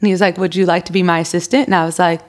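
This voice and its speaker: Podcast guest: a woman in her thirties, slightly low-pitched, animated storyteller who acts out quotes. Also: very fast. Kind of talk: casual interview storytelling.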